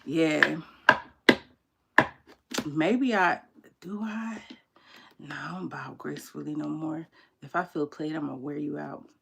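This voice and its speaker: A woman's voice: low voice, slow, gravelly, pauses often, slight background noise. A young woman, hosting a casual tarot livestream and telling candid stories with slang to her viewers. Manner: candid, animated storytelling with slang and laughter. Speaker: tarot reader and channel host.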